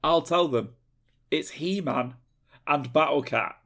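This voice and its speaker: Chatty gravelly man. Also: fairly high pitch, slow pace. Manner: chatty, excitable, jokey asides. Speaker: podcast co-host. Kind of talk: casual chat.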